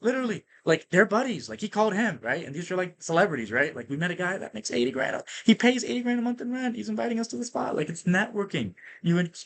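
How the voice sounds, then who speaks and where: A man hosting a podcast, telling stories in an energetic, casual monologue that is full of profanity and tag questions like "right?". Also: high-pitched. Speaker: podcast host.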